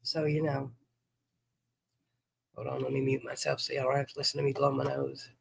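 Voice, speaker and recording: A man's voice: medium pitch, monotone, normal speed, gravelly, breathy edge, no echo, rough recording. A man hosting a livestream, chatting easily with viewers and greeting them by name. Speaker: livestream host. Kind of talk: casual chat with viewers.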